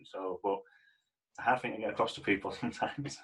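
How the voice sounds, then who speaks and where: A man with a lowish voice hosts a casual podcast chat. He talks in an easy, reflective way and leans on "you know" and "like". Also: fairly even intonation, fast, a bit bright, poor audio. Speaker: podcast host.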